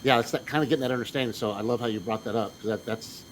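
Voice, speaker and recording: A man's voice: medium pitch, rapid-fire, slight background noise, rough recording. A man co-hosting a podcast in casual conversation, encouraging and supportive toward his guest. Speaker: podcast co-host.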